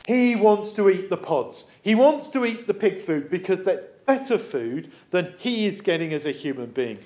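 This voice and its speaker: Casting note: English vicar, male, high and very lively voice, storytelling for children, plays every part himself. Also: normal speed. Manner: animated storytelling, acts out the characters. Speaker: vicar telling a Bible story. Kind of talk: children's talk sermon.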